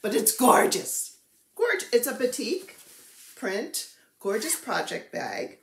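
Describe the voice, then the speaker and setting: A woman chats through a casual craft vlog, gushing and poking fun at herself. She talks slowly with a lively, bouncing pitch. The room around her rings with echo. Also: vocal fry, a little hiss or hum. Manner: chatty, self-deprecating, gushing over crafts. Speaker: cross-stitch vlogger. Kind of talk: casual chatty show-and-tell.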